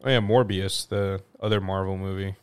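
A man's voice: low voice, steady tone, normal speed, clear, resonant tone, dry recording. A man co-hosting a podcast in casual chat, blunt and incredulous, laughing often. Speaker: podcast co-host.

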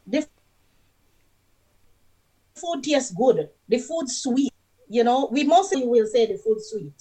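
A woman's voice: a little high, lively intonation, takes it slowly, mellow, breathy edge. A woman with a Jamaican accent, a radio guest who explains things patiently in casual chat, giving examples as she goes.

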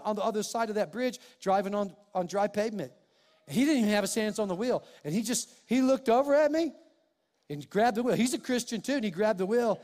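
A man preaching a sermon in a conversational way, dropping quiet and slow, then rising loud and emphatic. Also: high-pitched, long reverb tail.

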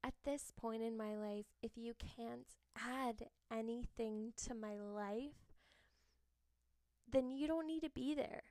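A young woman hosts a podcast in a frank, laughing, storytelling manner and swears freely. Her voice sits a little high and carries a gravelly fry, and she takes her time. The recording is dry and close. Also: slow pace, darkish tone, dry recording. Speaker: podcast host. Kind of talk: casual confessional chat.

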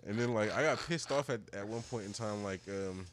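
A man co-hosting a podcast, telling a profane story in casual chat and acting out the people he quotes in higher voices. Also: fairly quick, slight background noise. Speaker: podcast co-host.

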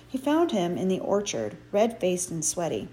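Warm-toned female audiobook narrator, measured and expressive. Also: fairly low pitch. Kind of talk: scripted narration.

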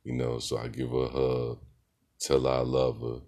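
A man's voice: rumbling low, monotone, normal speed, creaky, a little mellow. A middle-aged man and podcast host telling a casual story in a laid-back, rambling way, full of fillers.

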